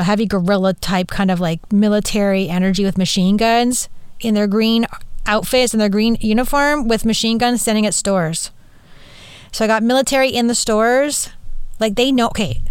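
A woman's voice: medium pitch, smooth, dry recording. A woman hosting a podcast, rambling in casual monologue and swearing freely, recorded in a small closet. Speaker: podcast host.

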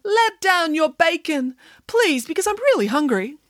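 A woman's voice: extremely high pitch, sing-song, unhurried, dry recording, studio quality, pitched above the performer's own voice, full character voice. A woman voicing an eager, ravenous young fairytale prince calling up to a tower.

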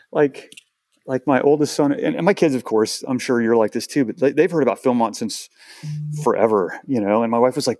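A man in his forties from Houston tells animated, rambling stories as a podcast guest. His voice sits at a middle pitch with plenty of restarts. The sound is dry and close. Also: dry recording. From Houston, Texas. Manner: animated, chatty, many restarts. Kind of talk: casual storytelling interview.

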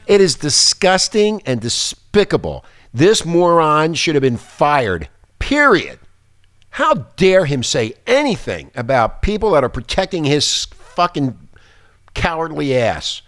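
A man's voice: a little high, big pitch swings, measured pace, fairly bright tone, no room sound. A man hosting a talk radio show, ranting angrily and swearing often. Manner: angry, profane, insulting.

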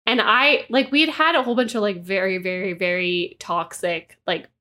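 A woman co-hosting a podcast, telling stories in an animated way and swearing freely. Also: mid-range voice, normal speed. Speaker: podcast co-host. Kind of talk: casual chat.

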